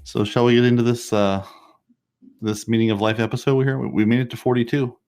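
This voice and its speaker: A man's voice: mid-range voice, little pitch movement, quick pace, darkish tone, soft background music. A man co-hosting a gaming podcast with dry, mock-disappointed humor. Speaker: podcast co-host. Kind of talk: casual gaming podcast chat.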